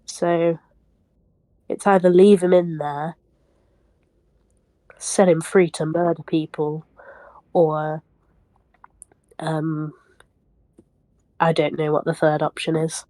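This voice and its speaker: A woman's voice: low-pitched, little pitch movement, slow pace, long pauses, dark tone, dry recording. A woman playing a tabletop game, hesitant, laughing often and trailing off. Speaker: player.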